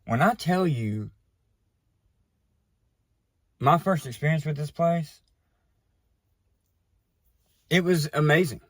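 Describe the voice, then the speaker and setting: A man casually telling a personal story, animated and conversational, often checking in with the listener. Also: fairly high pitch, measured pace, dry recording, studio quality. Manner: animated, tags lines with "right?" and "you know". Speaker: recovery storyteller.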